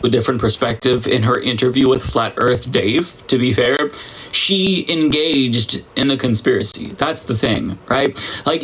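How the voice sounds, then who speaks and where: A man giving measured, sardonic commentary in a played online video. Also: medium pitch, a bit bright, low-quality recording. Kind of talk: scripted commentary.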